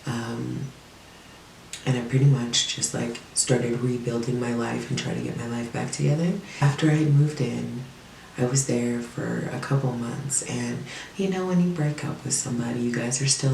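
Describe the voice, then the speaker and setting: Gravelly woman, candid profane storyteller. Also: extremely low pitch, warm tone, slight background noise. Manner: candid, profane, chatty with many fillers. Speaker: vlogger telling a personal story. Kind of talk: casual storytime monologue. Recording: echoey room, mic at a distance.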